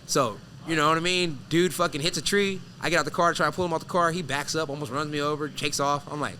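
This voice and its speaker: Fast, bright-voiced man telling wild stories. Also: on the high side, slight background noise. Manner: animated, profane, loose storyteller who acts out scenes. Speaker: guest fighter. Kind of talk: casual storytelling interview.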